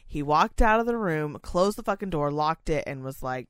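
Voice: medium pitch, fast talker, hardly any pauses, smooth, no echo, studio quality. A person telling a long work story in casual chat, swearing freely and acting out what others said. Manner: profane, rambling storyteller who acts out other people's voices. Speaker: podcast co-host and senior-living staff worker.

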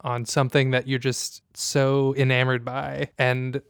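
A man hosting a casual conversation, reflective and measured, with many fillers. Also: mid-range voice, completely flat delivery, creaky, smooth, no room sound, studio quality.

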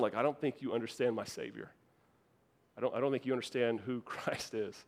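A man's voice: mid-range voice, fast. A young adult man preaching an earnest, emphatic sermon, repeating phrases for weight and often restarting his words. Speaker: pastor.

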